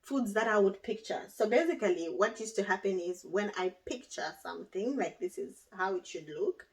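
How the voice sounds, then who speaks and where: A woman's voice: medium pitch, expressive, moderate pace, recorded from a distance, low-quality recording. A woman chatting casually as a guest, laughing often and trailing off as she tells her story. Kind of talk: casual chat.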